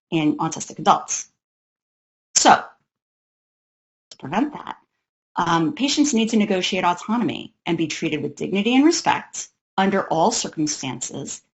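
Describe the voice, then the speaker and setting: A woman's voice: on the low side, gravelly, muffled recording. A woman, the parent of an autistic son, giving an educational talk on autism care in a conversational way, acting out the voices of parents and kids.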